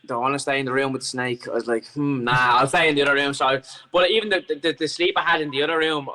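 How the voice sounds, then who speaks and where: An Irish man chatting as a podcast guest, telling a story in an animated way and swearing a lot. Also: mid-range voice, poor audio. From Ireland. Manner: animated, sweary, lots of restarts. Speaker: guest fighter. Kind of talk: casual storytelling chat.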